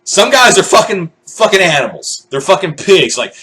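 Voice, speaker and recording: A man's voice: high-pitched, a little fast, few pauses, breathy edge. A man ranting casually to camera in a vlog, swearing freely and acting out what other people say. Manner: profane, animated, acts out quoted voices. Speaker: vlogger.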